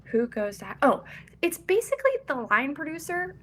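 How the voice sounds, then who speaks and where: A woman's voice: high voice, sing-song, brisk. A young woman from Kentucky, an actress and casting director, talking in a chatty, upbeat, giggly way as a podcast guest. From Louisville, Kentucky. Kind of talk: casual interview.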